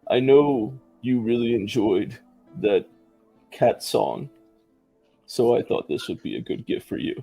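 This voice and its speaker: A man voicing a big, gentle, kindly man who speaks softly and encouragingly, with a gravelly voice. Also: mid-range voice, animated, measured pace, soft background music. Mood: tender.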